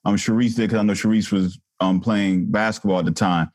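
A man hosting a podcast panel, calmly steering the talk and asking guests how they sought help. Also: fairly low pitch, a little fast, no room sound. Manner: calm, affirming, lots of listening sounds. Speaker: podcast host and moderator. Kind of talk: interview moderation.

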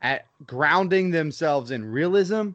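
A man's voice: a little high, animated, slow, a bit bright, dry recording, lo-fi sound. A man co-hosting a casual podcast, blunt and opinionated, cursing freely as he shares trivia and takes. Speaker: podcast co-host. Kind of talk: casual chat.

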